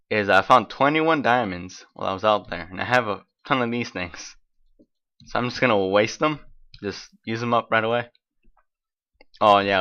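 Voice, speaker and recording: A man's voice: lowish voice, pushed and bright, clean tone, lo-fi sound. A man giving casual, rambling gameplay commentary as host of his own let's play, talking in an offhand, chatty way.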